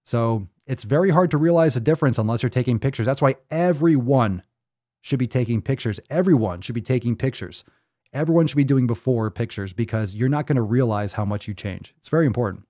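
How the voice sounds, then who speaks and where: A man hosts a fitness live stream in a mid-pitched voice, reacting to viewer posts with blunt, profane emphasis. He hammers his points by repeating them. The sound is dry and close, with no room around it. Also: lively intonation, fairly quick, mellow, no room sound. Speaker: fitness podcast host.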